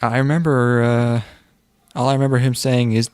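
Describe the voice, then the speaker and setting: A man co-hosting a podcast in casual chat, joking in a deadpan, sarcastic way. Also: mid-range voice, normal speed, clean tone. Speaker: podcast co-host.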